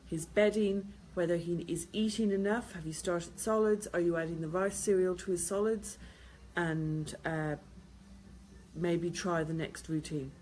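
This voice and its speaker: A woman's voice: on the low side, steady tone, measured pace, darkish tone. A woman host answering viewers' questions on baby sleep, giving practical advice and repeating key points. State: tired, yawning.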